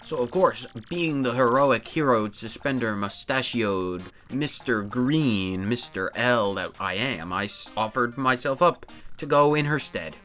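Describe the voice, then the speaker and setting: Boastful plumber hero, voiced by a male streamer with a put-on accent, bright tone, soft music under it. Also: medium pitch, lively intonation, measured pace, hardly any pauses. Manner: tries for an Italian-style accent, bragging storytelling. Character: boastful adult male plumber hero, tall-tale teller. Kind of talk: reading game dialogue on a live stream.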